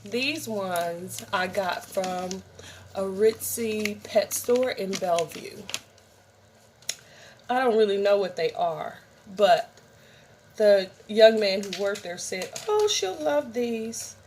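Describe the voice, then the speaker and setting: Middle-aged woman vlogger, unhurried and rambling, direct to camera, faint noise behind. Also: medium pitch, darkish tone. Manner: rambling, chatty, talks to viewers directly. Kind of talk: casual show-and-tell vlog.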